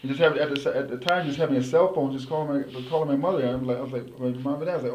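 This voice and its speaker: A man's voice: mid-range voice, rapid-fire, hardly any pauses, darkish tone, a little hiss or hum. A middle-aged man, a former pro football player, telling stories as an interview guest, rambling and restarting his words. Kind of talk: casual interview storytelling. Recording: roomy echo.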